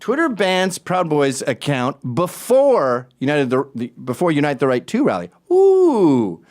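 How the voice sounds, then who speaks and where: A man hosting a talk show, ranting in an animated, sarcastic way, jumping between loud remarks and muttered asides. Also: a little high, moderate pace. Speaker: show host. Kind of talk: opinionated talk-show rant.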